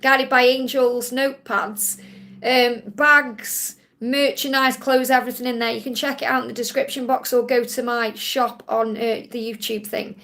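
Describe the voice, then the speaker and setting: A woman with a high, light voice hosts a live-stream Q&A and gives spiritual readings to viewers. She is reassuring and comes back to the same points more than once. She calls each viewer honey. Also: fairly even intonation, moderate pace, fairly bright tone. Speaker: spiritual reader hosting a live Q&A.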